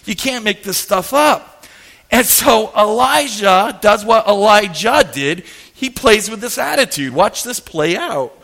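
A male pastor preaching with playful humor, retelling a story in an animated, joking way. His voice is high and has a bright, forceful edge. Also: a little slow. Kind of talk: sermon.

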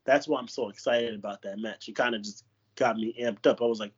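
A young man co-hosting a casual podcast, his voice husky and slightly rough. He talks haltingly, stopping and restarting often, with an easy profane edge. The sound is dull, like a cheap home mic. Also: mid-range voice, steady tone. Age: young adult. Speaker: podcast co-host. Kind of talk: casual chat.

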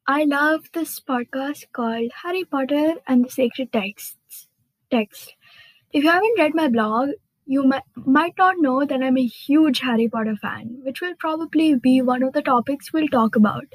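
A woman's voice: high voice, no echo, low-quality recording. A woman hosting her own podcast in a chatty, bubbly way, with frequent fillers and little laughs at herself. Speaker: podcast host. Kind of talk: casual solo podcast chat.

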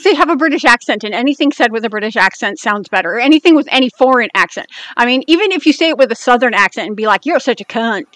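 A woman from the United States co-hosting a podcast in casual chat, blunt and swearing freely, talking in quick bursts. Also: on the high side, animated, a bit bright. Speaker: podcast co-host.

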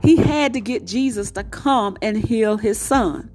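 A woman preacher with a somewhat high voice delivers a sermon, driving her points home with repeated, emphatic phrases. Soft music plays faintly underneath her. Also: measured pace. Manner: repetitive, emphatic preaching cadence.

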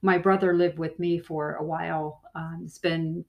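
A woman hosts a podcast and shares a story of her own in a relaxed, chatty way. Her voice sits a little low, and she keeps the talk easy with "you know" fillers. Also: normal speed, phone-quality sound. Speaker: podcast host. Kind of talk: casual conversational storytelling.

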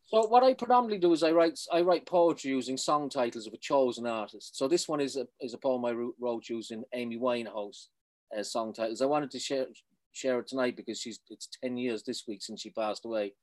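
A man's voice: mid-range voice, fairly quick, a little mellow. An Irish man, a spoken-word poet, talking earnestly in a casual interview and often repeating words as he goes. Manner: earnest, repeats words while finding them.

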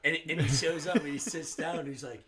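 A man telling a story in casual chat, swearing and laughing often and dropping his voice low. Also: fairly quick, a loud crowd. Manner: laughing, profane, drops voice low.

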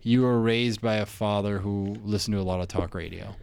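A man's voice: on the low side, fairly even intonation, fairly quick, gravelly, a little mellow, clean tone. A young male comedian co-hosting a casual podcast, with wry, teasing asides. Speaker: comedian co-host. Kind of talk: casual chat.

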